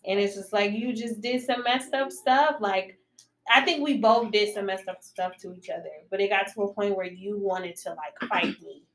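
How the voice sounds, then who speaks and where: A young woman guest in a casual podcast chat, soft-spoken and trailing off. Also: mid-range voice, moderate pace, poor audio. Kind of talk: casual chat among friends.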